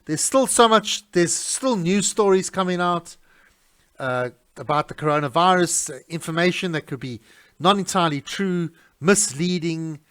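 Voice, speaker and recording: A middle-aged man, talking casually on his radio show in an animated, indignant way with many restarts. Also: fairly high pitch, moderate pace, clean tone. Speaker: radio host. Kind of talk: casual talk-radio monologue.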